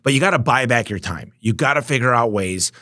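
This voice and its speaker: A man telling business stories as a podcast guest, emphatic and energetic, often acting out both sides of conversations. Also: mid-range voice, a little fast. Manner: energetic, emphatic, acts out quoted dialogue. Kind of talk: storytelling interview talk.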